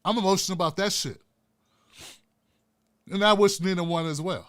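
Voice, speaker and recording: On his own commentary show, a man speaks at normal speed with long pauses, his voice sitting high and a bit bright. His political commentary is impassioned, aimed casually and directly at viewers, with phrases often repeated and restarted for emphasis.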